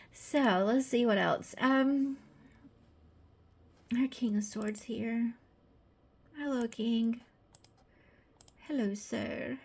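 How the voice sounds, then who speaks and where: A woman's voice: on the high side, extremely slow, long pauses, darkish tone, breathy edge. A woman with a Southern American accent, chatty and gushing, presenting her own tarot deck in a casual video with many fillers.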